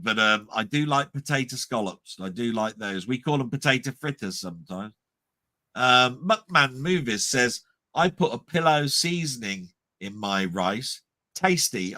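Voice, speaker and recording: A man's voice: medium pitch, bright, forceful tone. A man hosting a casual livestream, reading viewer comments aloud in a chatty, self-deprecating way. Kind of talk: casual live chat.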